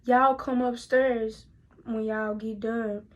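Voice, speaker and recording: A woman's voice: fairly high pitch, steady tone, takes it slowly, highs cut off. A young woman voicing her father, who questions her sternly. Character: stern middle-aged father in hospital.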